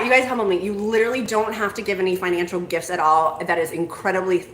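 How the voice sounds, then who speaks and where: A woman's voice: mid-range voice, fairly even intonation, fast talker, few pauses. A woman hosting a casual live stream, chatty and bubbly, reading viewer comments aloud. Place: home kitchen. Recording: echoey room, faint noise.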